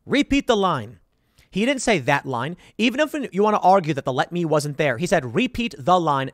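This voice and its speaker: A man's voice: fairly high pitch, big pitch swings, normal speed, a bit bright, no echo, clean studio sound. A man giving political commentary, reading headlines aloud and reacting to them with sarcastic emphasis.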